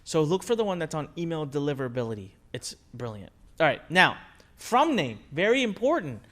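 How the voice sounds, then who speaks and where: A man teaching a recorded course lesson on marketing, talking in an energetic, conversational way, stressing his points and asking rhetorical questions. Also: fairly high pitch, fairly quick. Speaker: online marketing instructor.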